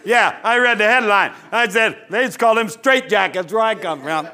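A man's voice: high-pitched, moderate pace, pushed and bright. A man preaching a sermon, folksy and joking, often restarting his sentences. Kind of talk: sermon with live illustration.

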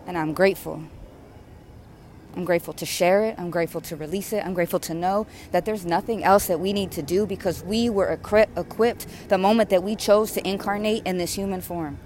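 Over slight background noise, a female preacher speaks a little fast in a lowish, darkish voice with fairly even intonation. Her sermon is rhythmic and fervent, circling back to repeated phrases as her passion rises.

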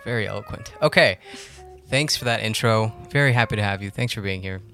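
A man hosts a loose, casual conversation about films, wandering off on tangents and laughing easily. His voice is bright. Soft guitar music plays faintly behind him. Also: on the low side. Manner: rambling, laughs often, quick tangents. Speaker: podcast host. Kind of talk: casual movie-discussion chat.

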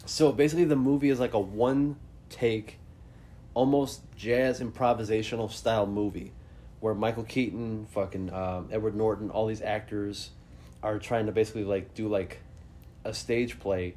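A man co-hosting a podcast in casual, profane chat, loud and animated as he reacts to a song and laughs often. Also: lowish voice, normal speed, a little hiss or hum. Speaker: podcast co-host.

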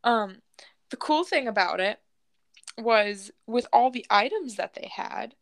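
A woman with a fairly high voice tells a gruesome old tale on a casual podcast. She laughs often and swears freely. She drifts into goofy asides between the facts. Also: animated, a little slow. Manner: laughing, profane, joking storyteller. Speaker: podcast co-host telling the story. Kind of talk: casual true-crime chat.

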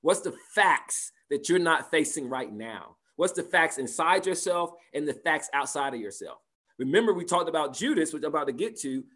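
A man's voice: a little high, expressive, moderate pace, a bit bright. A man teaching a spiritual class and answering participants' questions, talking conversationally, repeating phrases and asking "right?".

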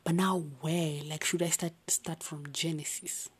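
A young woman with an accent, rambling about her life late at night in a soft, often half-whispered voice with sighs and restarts. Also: low voice, fairly even intonation, a little slow, a little hiss or hum. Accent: unnamed non-native-sounding accent. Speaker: vlogger.

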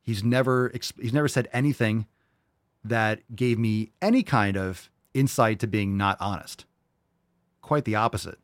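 A man's voice: lowish voice, measured pace, no echo, clean studio sound. A male podcast host ranting in a casual, profane, emphatic way. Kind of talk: casual opinion rant.

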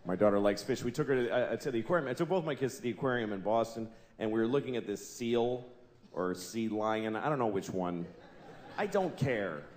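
A man in his forties performing a stand-up comedy routine on stage, deadpan and exasperated, breaking into shouted voices now and then. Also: mid-range voice. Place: large theater stage with a live audience. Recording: echoey live hall with audience noise.

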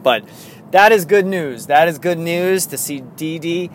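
A man's voice: on the high side, measured pace, slight background noise. A man hosting his own sports podcast solo, talking casually and eagerly, rambling with frequent chuckles. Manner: enthusiastic, rambling, chuckles often. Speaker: podcast host.

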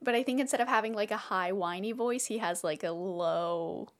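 A woman's voice: medium pitch, moderate pace. A woman talking as a podcast guest in a casual brainstorming chat, rambling and full of filler words.

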